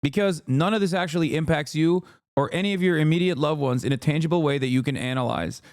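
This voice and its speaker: A man's voice: on the high side, fast talker, dry recording. Heated, profane male streamer, dry sound. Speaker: streamer reacting to a clip. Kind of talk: live-stream commentary.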